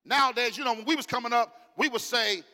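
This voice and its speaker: A middle-aged pastor preaching with a high, bright, forceful voice. He delivers his sermon in a loose, slang-filled way and keeps calling out to the congregation. His voice rings with the long reverb of a church hall. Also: quick pace. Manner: animated preaching, calls out to the congregation. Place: church sanctuary.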